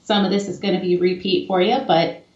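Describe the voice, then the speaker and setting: A woman's voice: lowish voice, steady tone, darkish tone. A woman co-hosting a podcast, chatting casually in a teasing, upbeat way. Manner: teasing and upbeat, quick to joke. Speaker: podcast co-host, medium. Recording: echoey room, muffled mic.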